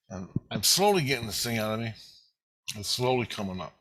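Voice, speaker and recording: A man in his fifties, a vlogger, gives a rambling first-person account of a spiritual experience, intense and emotional and full of heavy swearing. His mid-range voice is very animated and brisk with a fairly bright tone, and the recording is rough.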